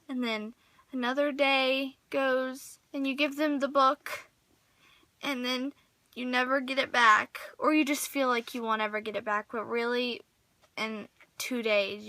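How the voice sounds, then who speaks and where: A woman's voice: sits high, lively intonation, a little slow, sharp tone, dry recording. A young woman in her teens vlogging a comedic monologue, dramatic and exasperated, acting out little scenes.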